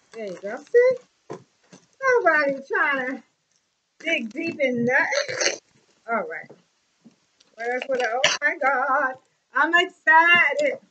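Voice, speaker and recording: Woman in her forties, vlogger, casual unboxing chat, excitable, bright tone, slightly high voice. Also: poor audio. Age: 40s. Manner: excitable, chatty, emotional. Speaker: YouTube vlogger.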